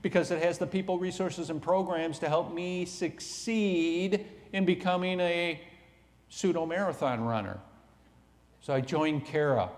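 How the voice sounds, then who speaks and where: A middle-aged man giving a motivational keynote, telling his story with dramatic swings from hushed to loud. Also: fairly high pitch, a little slow. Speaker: keynote speaker. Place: large conference hall. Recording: echoey hall.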